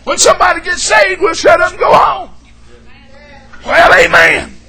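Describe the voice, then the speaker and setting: A man preaching a fervent, folksy sermon in a church, shouting and whooping as he jokes with the congregation. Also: extremely high pitch, fairly even intonation, fairly quick. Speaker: pastor.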